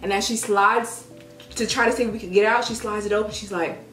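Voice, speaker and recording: A young woman vlogger telling a story in a casual, dramatic, animated way. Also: mid-range voice, brisk. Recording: echoey room with faint music.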